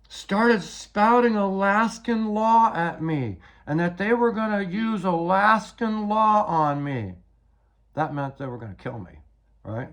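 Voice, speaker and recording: Slow-talking older man, agitated. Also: a little high. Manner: rambling, repeats words, agitated retelling. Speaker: person giving a statement. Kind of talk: personal account.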